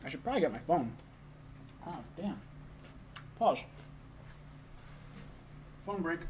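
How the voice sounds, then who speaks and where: A man's voice: fairly high pitch, big pitch swings, slow, darkish tone, slight background noise. A young man hosting a casual live stream, chatting loosely, reading chat messages and talking while eating.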